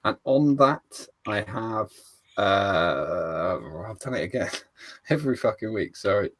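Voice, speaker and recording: A man's voice: lowish voice, animated, takes it slowly, fairly bright tone, slight background noise. A British man co-hosting a live show, laid-back and casual, swearing and stumbling over names. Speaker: co-host.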